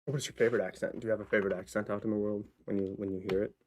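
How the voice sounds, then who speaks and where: Mellow low-voiced man rambling playfully. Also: little pitch movement, racing, slight background noise. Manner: rambling, playful, chatty asides to viewers. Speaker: vlogger and actor. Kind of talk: casual solo vlog monologue. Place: at home, indoors.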